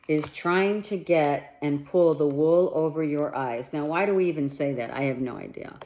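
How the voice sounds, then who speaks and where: Here a tarot reader with a low, slightly mellow voice talks at a measured pace through a monthly reading, the highs cut off in the audio. Blunt and emphatic, she swears freely and speaks straight to the listener, urging them on with urgent reassurance.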